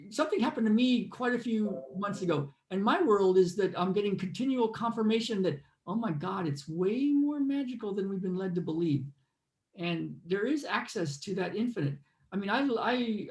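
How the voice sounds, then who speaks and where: A man with a high voice, heard in a reverberant space, hosts a casual talk. He tells earnest, meandering spiritual stories and guides listeners through a moment of stillness, mixing storytelling with guided reflection.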